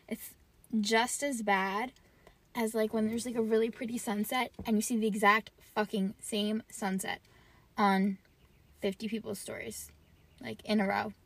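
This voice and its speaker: A woman's voice: on the high side, little pitch movement, unhurried, gravelly, a bit bright, no echo. A young woman hosting her own podcast, chatting casually and ranting, cursing freely and saying "like" in nearly every phrase. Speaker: podcast host. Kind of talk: casual solo podcast rant.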